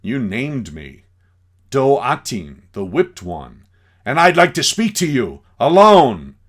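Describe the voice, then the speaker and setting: Man doing despairing proud native man, dramatic outbursts, lively swooping pitch. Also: takes it slowly, heavily acted. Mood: bitter. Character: anguished desperate Native man, proud and bitter.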